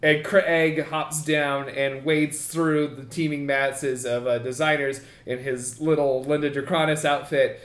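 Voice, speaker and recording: Woman GM, lowish voice, giggly narration, echoey room. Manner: lively, giggly storytelling with fillers. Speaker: game master. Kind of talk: narrating a comedic tabletop game podcast. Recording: roomy echo.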